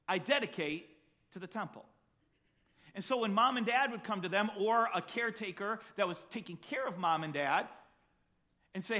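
A man preaching a sermon, reading scripture and then explaining it in an animated, conversational way. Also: high-pitched, moderate pace. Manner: animated, acts out voices in the story. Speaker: pastor.

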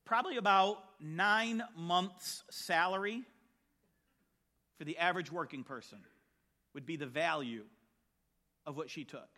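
A man preaching a sermon, telling a Bible story with animated storytelling and acting out the voices of the people in it. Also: a little high, measured pace, pauses often.

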